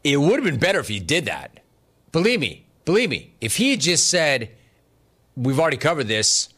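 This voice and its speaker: A man's voice: a little high, wildly swooping pitch, brisk, fairly bright tone, breathy edge. A man hosting a sports talk show, talking casually and sarcastically, often breaking into laughter while reading chat. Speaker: sports talk radio host.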